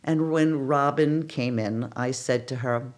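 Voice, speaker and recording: A woman's voice: very deep voice, a little slow. An older woman, a casting director, telling stories in a podcast interview and acting out the exclamations she quotes. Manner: animated, acts out quoted exclamations.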